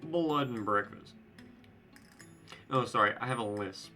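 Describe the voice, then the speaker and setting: A man's voice: fairly low pitch, sharp tone. A man voicing a creepy, grinning, hunched innkeeper who stresses words oddly, with game music underneath. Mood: creepy cheerful. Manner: slow, oddly emphasized words.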